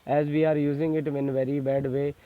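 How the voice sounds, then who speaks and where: A man with an Indian English accent giving a classroom lecture, pausing often with fillers and stressing points for exams. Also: on the high side, flat delivery, slight background noise. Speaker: teacher. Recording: tinny phone-like sound.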